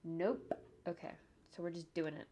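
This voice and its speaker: A woman animator casually narrates her work as she goes, thinking aloud, cracking jokes, and humming to herself while faint keyboard typing and clicks sound in the background. Her lowish voice is warm, with fairly even intonation and a normal speed, over a little hiss or hum.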